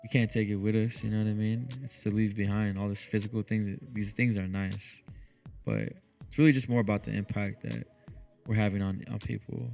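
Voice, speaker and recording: Smooth-voiced low radio DJ man. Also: faint music behind. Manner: calm, unhurried, drops lots of "you know what I mean". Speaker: DJ and radio host, interview guest. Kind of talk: relaxed conversational interview.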